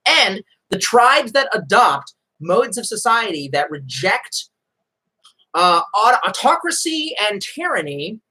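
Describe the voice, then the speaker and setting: A man's voice: high-pitched, bright, forceful tone, breathy edge, low-quality recording. A man ranting profanely on a live stream.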